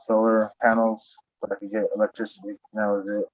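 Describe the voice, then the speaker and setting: A man's voice: lowish voice, monotone, fast talker, no echo. A man in casual podcast chat, profane and rambling, raising his voice when he acts out what he said. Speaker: podcast host. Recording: dull lo-fi sound.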